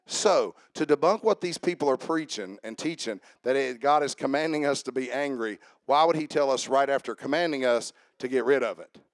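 A man preaching a sermon as pastor, lively and interactive, calling on his congregation to answer and come up front. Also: medium pitch, brisk, hardly any pauses, no room sound, studio quality. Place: church.

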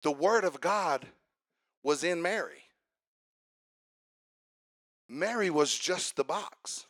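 A man preaching a sermon to a congregation, building to fervent shouts and calling for responses. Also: fairly high pitch, lively intonation, slow pace, dry recording, clean studio sound. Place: church service.

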